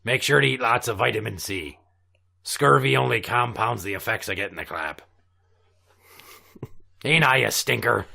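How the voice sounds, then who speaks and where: Salty foul-mouthed sea captain, a guy putting him on, raspy gravel, tense bright tone. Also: mid-range voice, moderate pace, pauses often, exaggerated voice. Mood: crude bragging. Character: crude salty male pirate sea captain. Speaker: recurring comedy character. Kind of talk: improvised comedy podcast banter.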